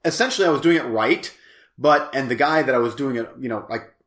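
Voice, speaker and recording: A man's voice: mid-range voice, fast talker, a bit bright, roomy sound. A man co-hosting a podcast, chatting casually and reviewing a movie, rambling and often breaking off mid-sentence. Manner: rambling, self-interrupting, laughs easily. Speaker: podcast co-host.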